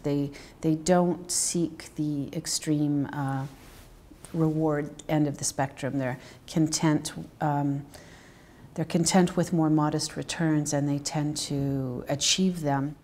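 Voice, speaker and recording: A woman with a low-pitched voice explains things steadily in an interview. She talks in a measured way and pauses now and then on fillers. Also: dark tone. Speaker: financial psychologist. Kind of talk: interview answers.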